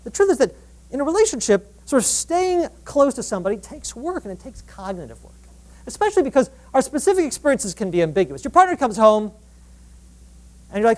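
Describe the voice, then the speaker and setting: A relationship researcher gives a lively public talk before a live audience, an animated woman who acts out quoted dialogue and often restarts her sentences. Her voice is fairly high and she speaks fairly quickly.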